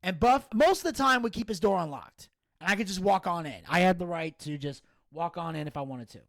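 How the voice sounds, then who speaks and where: A man's voice: sits high, fairly quick, dry recording. A man co-hosting a casual podcast, telling stories with energy, acting out what people said and swearing freely. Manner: animated storyteller acting out quotes, swearing freely. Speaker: podcast co-host.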